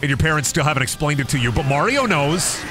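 A man's voice: a little high, lively intonation, fast, over music. A man streaming a video game, talking in a crude, rambling, joking way. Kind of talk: gaming stream commentary.

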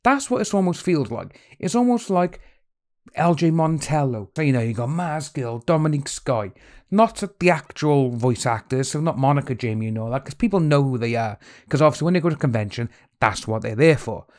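A man's voice: mid-range voice, expressive, fairly quick, a little mellow. A man hosting a commentary video, talking in an exasperated, scornful way. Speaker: commentary channel host. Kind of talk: opinionated commentary.

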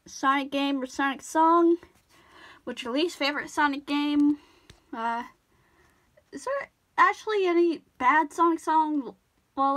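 High-voiced, rambling young-sounding woman. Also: a bit bright. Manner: rambling, self-interrupting, apologetic. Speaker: drawing tutorial vlogger. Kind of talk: casual rambling chat while drawing.

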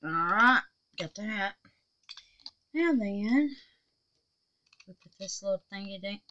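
Slow-talking folksy woman crafter. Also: mid-range voice, expressive, sharp tone, highs cut off. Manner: folksy, exclaims and laughs often. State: tired, huffing. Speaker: resin craft vlogger. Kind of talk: casual crafting chat.

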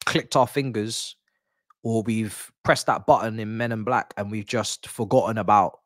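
A man hosting a live football watch-along, chatting excitedly to his viewers as a fan. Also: fairly low pitch, no echo, studio quality. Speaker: football fan channel host.

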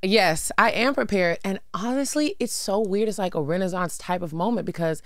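A woman's voice: mid-range voice, normal speed, no room sound, studio quality. A young adult woman, a guest on a talk show, chatting casually and acting out quotes as she tells stories. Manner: animated storyteller, acts out quotes. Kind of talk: casual interview chat.

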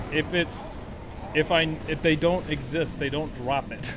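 Brief: young male game streamer, slightly high voice with a swooping, animated delivery, quick laughs and cursing, steady background noise. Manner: animated, laughs often, swears, talks back to chat. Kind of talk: live gameplay commentary.

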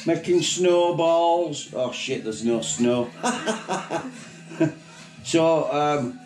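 A blunt, sweary Yorkshire man talks to his viewers in an unhurried, lively voice that rises and falls a lot. He sounds a little high for a man. The room is echoey, with faint music underneath. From Bradford, England. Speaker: vlogger. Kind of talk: casual vlog talk to viewers.

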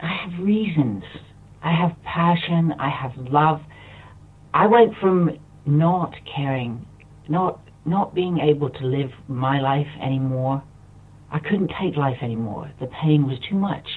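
A man close to tears pours out a rambling, impassioned monologue, circling back over the same phrases. His voice is husky and comes through a tinny phone line, heard from some way off the mic. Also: a little high, animated, takes it slowly, recorded from a distance. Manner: rambling, impassioned, repeats himself. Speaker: radio show guest.

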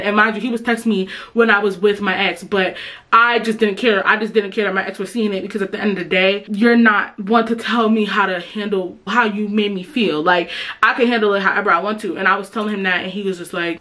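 Fast-talking young woman, blunt storyteller. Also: medium pitch. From United States. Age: young adult. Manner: blunt, profane, animated retelling with quoted dialogue. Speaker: vlogger. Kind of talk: casual storytime. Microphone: camera mic.

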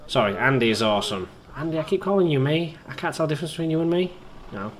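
A man casually commentating on his own gameplay, excitable and rambling, chatting to his viewers as a let's play host. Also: a little high, fast talker. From Britain.

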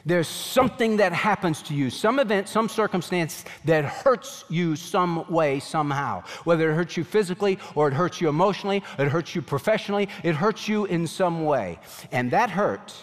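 A man preaching a sermon as a pastor, animated, voicing God's questions in a pleading tone. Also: on the high side, normal speed, in a large hall.

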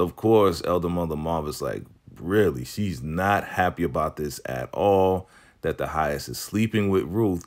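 Deep-voiced man recapping a TV episode. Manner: animated storytelling, acts out quotes. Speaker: TV recap vlogger.

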